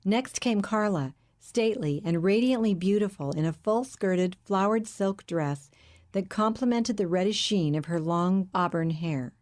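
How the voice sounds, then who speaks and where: A woman narrating a novel as an audiobook, with a steady, clear reading manner. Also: medium pitch, unhurried.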